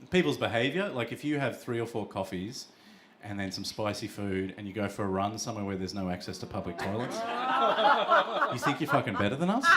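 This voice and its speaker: Aussie guy doing standup, sweary, bouncy pitch, super noisy live room with crowd laughing. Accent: Australian. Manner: profane, acts out characters in quick voices. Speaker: stand-up comedian. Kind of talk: stand-up comedy set. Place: comedy club stage with a live audience.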